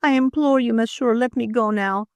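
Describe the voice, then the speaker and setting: A woman doing a coquettish young wife, high and pleading. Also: normal speed, darkish tone, smooth, no room sound, natural voice. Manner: breathless, imploring, theatrical. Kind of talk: audiobook character voice.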